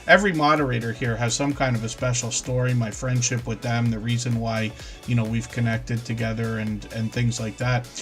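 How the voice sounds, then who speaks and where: Man, live stream host, lingering cough, chatty, apologetic, middle pitch, soft music underneath. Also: little pitch movement, brisk. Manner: chatty, apologetic, says pardon me often. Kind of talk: casual live stream chat.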